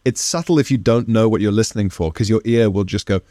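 A man's voice: on the low side, fast talker, warm tone, no room sound, clean studio sound. A man in his thirties, a comedian from South Africa, chatting casually in an interview with wry, self-correcting humour and frequent swearing. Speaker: comedian guest.

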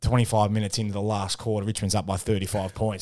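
A man's voice: on the low side, little pitch movement, fast talker, a little mellow. Candid Australian man telling footy stories. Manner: candid, swearing storyteller. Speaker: guest, former footballer. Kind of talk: casual podcast chat.

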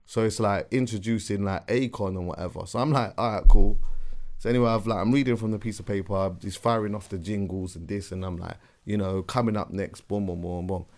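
A man telling a story on a casual podcast, his voice climbing high and loud when he gets excited. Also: fairly quick. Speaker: podcast co-host.

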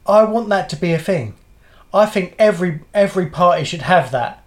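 A man's voice: sits high, expressive, moderate pace. A middle-aged man, co-hosting a casual podcast chat and rambling through anecdotes while swearing freely. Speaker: podcast co-host.

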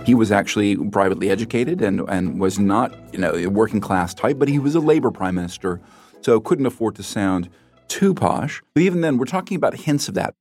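An American man answering interview questions as a guest expert, in a measured, explanatory way with small self-corrections. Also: on the low side, animated, darkish tone, soft background music. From United States.

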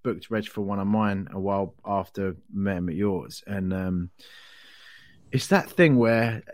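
A man's voice: low voice, unhurried, a little mellow, no room sound, clean studio sound. A man, a comedian and promoter, chatting casually on a podcast, swearing freely and acting out what people said. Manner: swears freely, acts out quotes in a raised voice.

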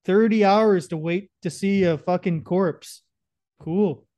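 A man's voice: high voice, takes it slowly, warm tone. A young man co-hosting a podcast, crude and profane, often stumbling over his words. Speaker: podcast co-host. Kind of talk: casual chat.

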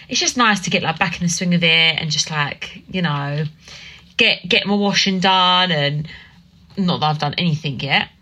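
Bright-voiced Essex woman, chatty podcaster. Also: on the low side, poor audio. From Essex, England. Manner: chatty, dramatic storytelling with many fillers. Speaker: podcast host. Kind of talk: casual solo podcast chat.

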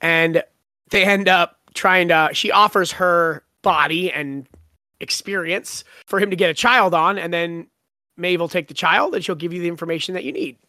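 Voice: mid-range voice, normal speed, bright, forceful tone, no echo, studio quality. Podcast host recapping a book, laughing. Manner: laughing, retells scenes with quoted lines. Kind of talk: casual book discussion.

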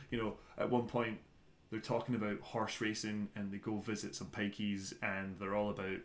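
A man's voice: on the low side, fairly even intonation, normal speed. Male co-host, blunt and profane, opinionated rant delivery. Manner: sweary, ranting, opinionated. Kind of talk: casual chat.

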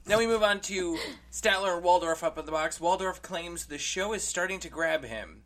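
A man co-hosting a podcast, chatting casually and recapping an episode with quick asides and bursts of laughter. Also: sits high, a bit bright, a little hiss or hum. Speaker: podcast co-host.

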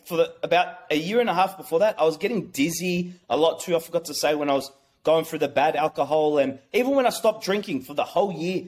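A man telling a personal story as an interview guest, excitable and rambling, with many restarts. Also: on the high side. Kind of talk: casual storytelling.

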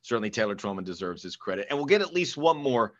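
A man's voice: lowish voice, big pitch swings, fast talker, highs cut off. A man hosting a soccer podcast, chatting casually in a jokey, friendly, teasing way. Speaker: podcast host.

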